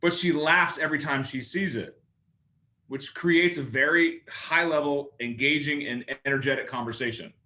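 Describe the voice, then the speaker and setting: A male sales coach talks his class through phone habits in a bright, forceful voice. He is lively and playful, and he acts out both sides of the calls he describes. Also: fairly high pitch, moderate pace.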